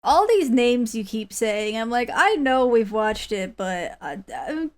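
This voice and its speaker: A woman's voice: fairly high pitch, lively intonation, unhurried. A woman co-hosting a podcast, chatting casually and making dry, joking asides. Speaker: podcast co-host. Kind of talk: casual chat.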